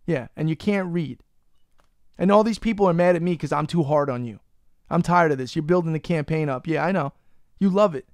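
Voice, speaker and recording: Podcast host, New man, higher voice, smooth and clear, foul-mouthed ranter. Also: fast, dry recording, studio quality. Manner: profane, ranting, teasing his co-host. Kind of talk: casual podcast banter.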